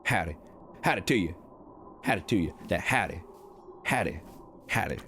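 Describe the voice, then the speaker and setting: A man putting on a slick con-man cowboy with a fake Southern drawl, folksy and overly courteous. The voice sits very low and gravelly, and it swings widely up and down as he spins his yarns in a game role-play. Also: lively intonation, a bit bright, a little hiss or hum. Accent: put-on Southern drawl. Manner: folksy, drawn-out, courteous sayings. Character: smooth-talking male con man posing as a Southern cowboy.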